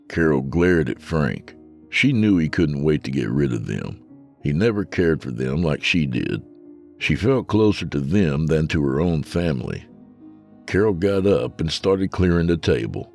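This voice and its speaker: A man narrating a horror story in a slow, grave manner. His voice is extremely deep and gravelly. Faint music plays behind him. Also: big pitch swings, darkish tone.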